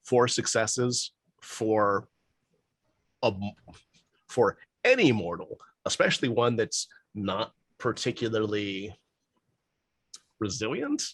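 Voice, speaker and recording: A man's voice: fairly low pitch, big pitch swings, takes it slowly, long pauses, a bit bright, husky, dry recording. A man running a tabletop game as game master, casual and swearing freely.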